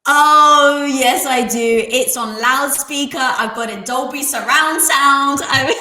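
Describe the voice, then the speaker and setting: A woman's voice: high-pitched, slow pace, echoey room, over a noisy crowd. A woman entrepreneur as an interview guest, talking candidly and emphatically in casual conversation.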